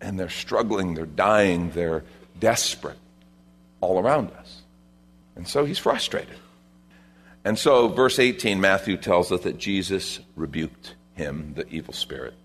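A man's voice: deep voice, big pitch swings, measured pace, fairly bright tone, husky. A male pastor preaching a sermon in a conversational way, with asides to the congregation.

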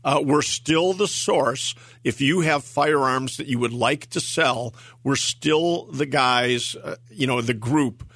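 A man co-hosts a radio show in a casual, rambling way, full of fillers and restarts. His voice sits at an average pitch and is recorded close and dry, without any room sound. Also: takes it slowly, few pauses, a bit bright, dry recording. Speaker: auction company co-host.

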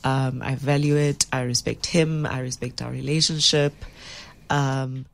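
Brief: South African actress, deep husky low voice with gravelly fry, lively and laughing. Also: female voice, measured pace. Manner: animated, laughing, mixes in Zulu phrases. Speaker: actress, interview guest. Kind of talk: casual interview chat.

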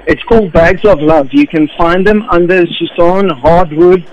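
An exuberant, jokey man from South Africa fills a radio segment and recites a festive poem. His voice sits a little high. The sound is dull and lo-fi, like a call patched into the studio. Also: a little slow, darkish tone. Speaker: radio show regular.

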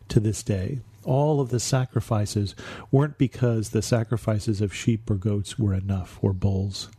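A man with a mellow, slightly husky voice teaches through a Bible passage. He sounds reflective and explanatory, and he slows down on the key phrases. The recording is dry and close, with no room sound. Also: fairly low pitch, no echo. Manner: reflective, explanatory, with slow emphatic stretches. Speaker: Bible study podcast host.

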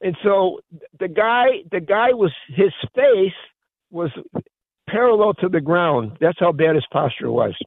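An older man calling in to a radio show, telling jokes with frequent chuckles and halting restarts. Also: high voice, animated, gravelly, no room sound. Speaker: caller. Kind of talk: casual call-in chat. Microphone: phone. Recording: tinny phone line.

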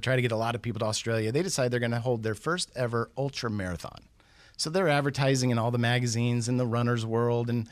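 Man, middle-aged, guest speaker, lively storytelling, questions to the room, dry close sound. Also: medium pitch, no room sound. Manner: animated, builds suspense with questions. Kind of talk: motivational storytelling.

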